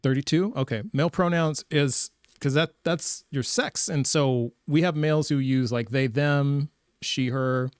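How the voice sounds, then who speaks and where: A man's voice: mid-range voice, a little slow, no echo, clean studio sound. A man hosting a livestream debate, casual and emphatic, often repeating himself. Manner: animated, emphatic, repeats words. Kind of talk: casual chat.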